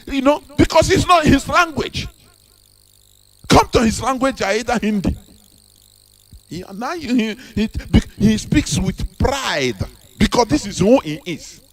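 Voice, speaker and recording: A man's voice: very high-pitched, very animated, unhurried. A man with a Nigerian accent giving an impassioned monologue, repeating rhetorical questions with emphatic, preachy delivery. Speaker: activist speaker.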